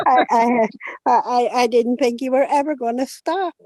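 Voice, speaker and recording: Slow, gentle older woman on a video call. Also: a little high, steady tone, no room sound. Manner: slow, gentle, halting speech. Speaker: guest elder. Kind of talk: prayer and blessing in a virtual event.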